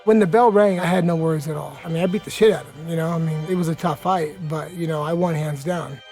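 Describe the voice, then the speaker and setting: Brief: male fighter recounting a brawl, slightly high voice, blunt and profane, music bed under him. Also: fast. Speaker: fighter interviewee. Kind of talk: storytelling interview.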